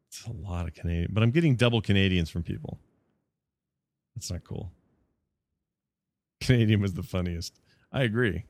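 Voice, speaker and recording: A man co-hosting a podcast, chatting casually in a slightly low voice and breaking into laughter easily. The sound is dry and close, with little room around it. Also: moderate pace, pauses often, no room sound. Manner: joking, laughs often, chatty. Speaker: podcast co-host. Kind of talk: casual chat.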